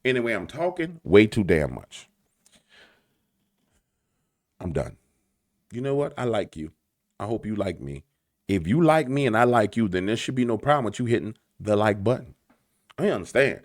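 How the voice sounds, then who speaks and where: Animated low-voiced man on a monologue. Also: a little fast, no echo, clean studio sound. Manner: emphatic, acts out dialogue. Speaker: political commentator. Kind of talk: casual monologue.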